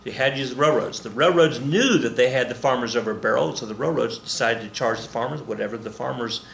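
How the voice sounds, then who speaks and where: A man's voice: medium pitch, fast, vocal fry, a bit bright, a little hiss or hum. Rambling, jokey male teacher in an echoey room. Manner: rambling, jokey, talks to himself, acts out quoted people. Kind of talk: casual recorded history lesson.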